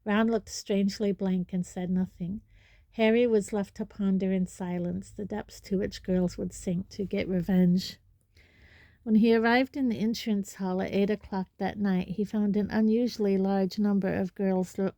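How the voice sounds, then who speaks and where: Mellow woman reading a storybook. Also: medium pitch, level tone, normal speed, no room sound, studio quality. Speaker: audiobook reader. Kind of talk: storybook narration.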